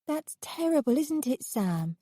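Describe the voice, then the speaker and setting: Audiobook role: woman playing a high, squealing young painter, naive and excitable, dark-toned and dry. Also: a little slow, no echo. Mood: gushing.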